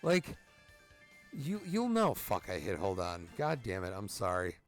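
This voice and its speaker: A man's voice: low-pitched, huge pitch swings, unhurried, faint music behind. A man in his thirties doing let's play commentary as a gaming streamer, cursing freely and ranting at the game. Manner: profane, ranting, trash-talks the game.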